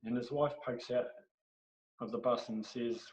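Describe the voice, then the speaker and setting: A man with an Australian accent, a podcast guest telling rambling, animated anecdotes in casual storytelling. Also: mid-range voice, a little slow. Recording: dull, echoey room recording.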